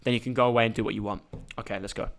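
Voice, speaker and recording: A man's voice: fairly low pitch, fairly even intonation, racing. A young man, hosting a casual live stream and chatting in a rambling, jokey way. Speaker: YouTube host.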